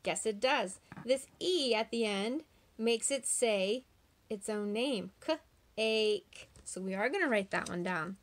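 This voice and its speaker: A woman teaching young children phonics online, drawing out the sounds of words and asking patient, encouraging questions. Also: medium pitch. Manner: slow, drawn-out sounding out of words.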